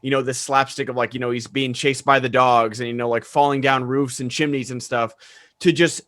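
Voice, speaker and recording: A man chatting enthusiastically about a favorite film on a video call, getting loud when excited. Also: mid-range voice, brisk, dry recording, studio quality. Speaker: podcast co-host. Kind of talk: casual movie discussion. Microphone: remote video call.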